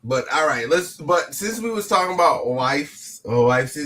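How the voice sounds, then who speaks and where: A man's voice: medium pitch, moderate pace, hardly any pauses, fairly bright tone. A man co-hosting a podcast, chatting casually in a rambling, joking way. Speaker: podcast co-host. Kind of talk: casual chat.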